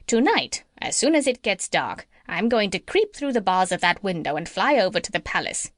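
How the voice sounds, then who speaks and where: A woman's voice: medium pitch, very animated, moderate pace, dry recording, studio quality, close to an everyday voice. A woman voicing a clever, self-assured female parrot in a storybook reading. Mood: confident. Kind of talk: storybook narration.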